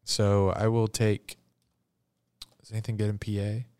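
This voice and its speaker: A man's voice: fairly low pitch, little pitch movement, a little slow, a little mellow, clear, resonant tone, no echo, clean studio sound. A man chatting casually as a podcast co-host, blunt and joking, swearing freely. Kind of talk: casual chat.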